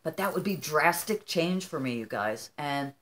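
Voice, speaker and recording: A talkative grandmother in her fifties with a somewhat low voice chats casually to camera from her home. She is animated and personal, often turning to her viewers with "you guys" and "okay?". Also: moderate pace. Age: 50s. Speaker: vlogger.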